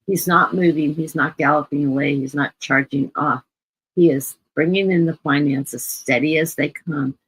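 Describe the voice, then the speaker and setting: A woman reads tarot cards on a live stream in a husky, breathy voice, recorded close and dry. She talks in a chatty way and repeats words for emphasis. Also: low-pitched, normal speed, dry recording, low-quality recording. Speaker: guest tarot reader. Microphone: computer mic on a live stream.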